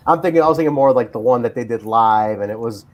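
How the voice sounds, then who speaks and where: A man's voice: mid-range voice, fast. A man hosting a casual chat show, rambling with lots of fillers and restarts. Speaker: podcast host.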